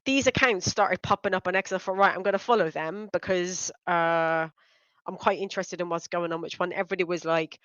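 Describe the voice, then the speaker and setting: A woman co-hosting a live stream, chatting casually with lots of fillers and quick asides. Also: lowish voice, steady tone, a bit bright, no room sound. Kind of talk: casual chat. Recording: dry, dull lo-fi audio.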